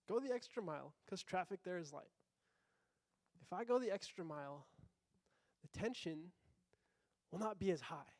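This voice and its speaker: A man's voice: high voice, lively intonation, normal speed, long pauses, a little mellow, dry recording, clean studio sound. A young adult man preaching a sermon in a conversational way, asking rhetorical questions and acting out quotes. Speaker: pastor.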